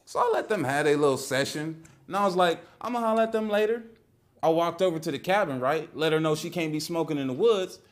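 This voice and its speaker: A man's voice: a little high, quick pace, natural voice. A man playing a male black bear telling his side of the story in brash street slang, indignant and joking. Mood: storytelling. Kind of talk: comedic interview sketch.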